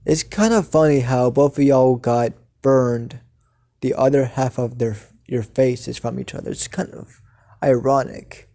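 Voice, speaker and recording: A man's voice: mid-range voice, a little slow, dark tone, lightly acted. A man voicing a smug, taunting male villain who drawls and says y'all. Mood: gloating.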